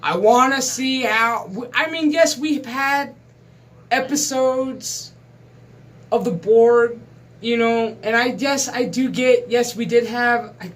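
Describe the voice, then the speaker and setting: A man's voice: extremely high pitch, takes it slowly, a bit bright. A man in his thirties, hosting his gaming channel, rants in a casual, profane monologue and talks with exasperated emphasis. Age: 30s.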